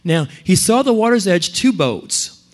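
A man who is a pastor, preaching a sermon and telling stories in an animated, emphatic way. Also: high-pitched, measured pace.

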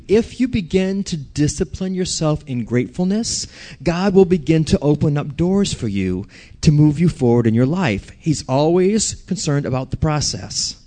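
Guy preaching, tells a story, slightly high voice, asks the crowd stuff. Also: dark tone. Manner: storytelling, talks to the audience with questions. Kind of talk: sermon with personal story.

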